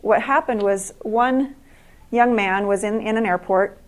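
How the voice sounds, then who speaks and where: Speaking a little slowly in a mid-range voice, a middle-aged woman addresses an audience at an evening event. She tells stories earnestly, frequently restarting and repeating words.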